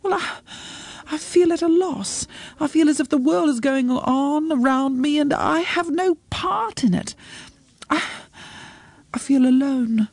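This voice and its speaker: A woman voicing an anxious middle-aged mother who is about to become a grandmother, speaking in halting, unsettled lines. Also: fairly high pitch, sing-song, darkish tone, breathy edge, no echo, voice pushed up, heavily acted. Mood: distraught.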